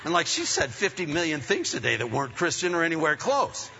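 Bright-voiced man telling a rambling sermon story. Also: a little high, a little fast, vocal fry, a little hiss or hum. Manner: rambling, animated storyteller with many restarts. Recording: dull, echoey hall sound.

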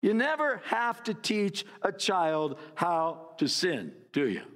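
A man's voice: high voice, very animated, slow pace, a bit bright, big-room sound. A man preaching a sermon, telling a story and mimicking barking dogs with playful asides. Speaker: pastor.

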